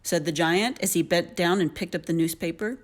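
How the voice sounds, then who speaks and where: A woman narrating a children's story aloud in an animated, lilting way. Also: fairly low pitch, moderate pace.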